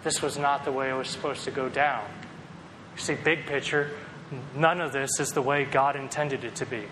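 A man's voice: medium pitch, fairly even intonation, moderate pace, in a large hall, noisy background. A man preaching a sermon in a conversational, storytelling way, with self-deprecating humor. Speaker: pastor.

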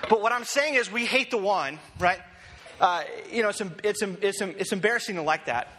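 High bright-voiced man preaching in a hall. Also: brisk, slight background noise. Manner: storytelling, animated, self-deprecating, frequent "right?" asides. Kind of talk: sermon opening with a personal story.

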